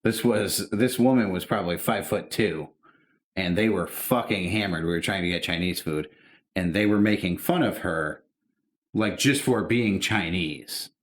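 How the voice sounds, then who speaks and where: A man's voice: low-pitched, normal speed. A man co-hosting a podcast, telling rambling, profane stories in casual chat. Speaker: podcast co-host.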